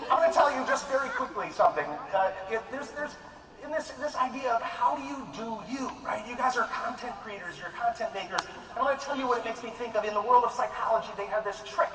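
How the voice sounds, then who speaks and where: A man's voice: very high-pitched, fast, a crowd in the background. A man giving a casual, conversational, self-deprecating talk to a live audience in a large room. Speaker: speaker addressing a live audience. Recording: echoey hall, mic far off, noisy room ambience.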